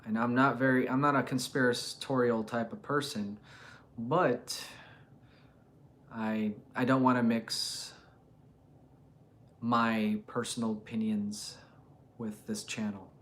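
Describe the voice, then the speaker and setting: A man who grew up in Jordan and Palestine, chatting casually as he explains the Quran. He pauses often, restarts his sentences and fills gaps with "um" and "uh" while he thinks aloud. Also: mid-range voice, fairly even intonation, a bit bright. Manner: hesitant, thinks aloud with many fillers and restarts. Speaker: religious channel host. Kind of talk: casual live chat and Quran commentary.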